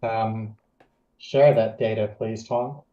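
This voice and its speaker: A man's voice: lowish voice, steady tone, slow, echoey room, lo-fi sound. A man playing in a tabletop game, asking hesitant questions. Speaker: player. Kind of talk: tabletop role-play chat.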